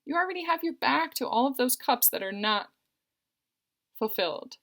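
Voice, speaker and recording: A woman's voice: high voice, animated, moderate pace, a bit bright. A woman giving a tarot card reading, talking earnestly and reassuringly and often repeating her phrases. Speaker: tarot reader.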